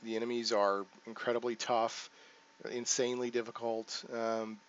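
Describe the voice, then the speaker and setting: A man's voice: mid-range voice, flat delivery, normal speed, dull audio, slight background noise. A man hosting a casual let's play, thinking aloud as he sets up a character, with many ums and self-corrections. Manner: thinks aloud while clicking through menus, frequent ums and self-corrections. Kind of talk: casual gameplay commentary.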